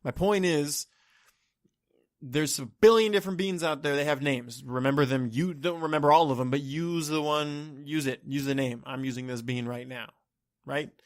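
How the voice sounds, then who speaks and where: A man's voice: on the high side, normal speed, dry recording, studio quality. A man ranting on his own podcast in a rambling, profane, exasperated way. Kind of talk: solo rant monologue.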